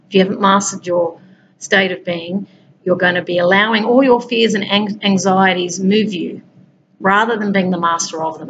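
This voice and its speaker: Woman coach, conversational motivational talk, mid-pitched voice, faint background noise. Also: poor audio. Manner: conversational, speaks directly to listeners. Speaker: peace and wellbeing coach.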